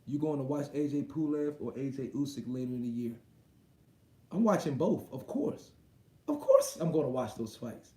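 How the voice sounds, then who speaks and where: Slangy boxing streamer, echoey room. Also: male voice, medium pitch, lively intonation, mellow. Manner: loose, slangy and profane, quick reactions. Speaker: boxing livestream host. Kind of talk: casual livestream chat, reading viewer comments aloud.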